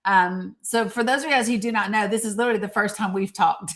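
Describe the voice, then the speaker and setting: Woman host for a live-stream chat; bubbly, chatty, greets her viewers warmly by name. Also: medium pitch, fairly even intonation, fast.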